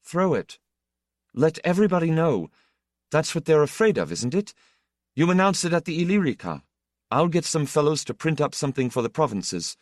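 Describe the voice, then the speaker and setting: A man voicing an eager young male radical who answers quickly and decisively. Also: fairly high pitch, very animated, no echo, studio quality, voice pushed up.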